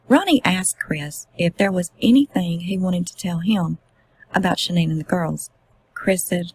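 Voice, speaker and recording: A woman's voice: fairly low pitch, steady tone, normal speed, slightly rough, poor audio. A woman narrating a true-crime book synopsis in plain storytelling style. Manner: plain storytelling, acting out quotes.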